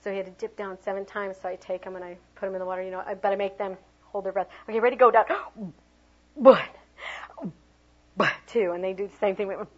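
Middle-aged woman teacher running a workshop, lively demo voice, slightly muffled lo-fi recording. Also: mid-range voice, very fast. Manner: animated, acts out sounds and voices for children. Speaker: preschool teacher leading a workshop. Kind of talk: teacher training talk with demonstrations.

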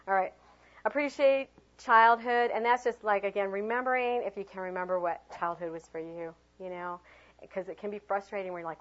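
A woman teaching a workshop on children's ministry, telling lively stories and acting out quoted voices in a high bright tone. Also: a little fast. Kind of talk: workshop talk. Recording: dull lo-fi recording.

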